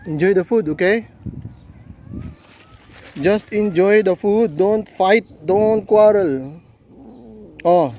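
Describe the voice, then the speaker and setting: Slow, coaxing man talking to stray cats. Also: sits high, lo-fi sound, a little hiss or hum. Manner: coaxing, talks gently to the cats. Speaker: vlogger feeding stray cats. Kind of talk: casual vlog narration to camera and animals. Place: outdoors on a seafront promenade.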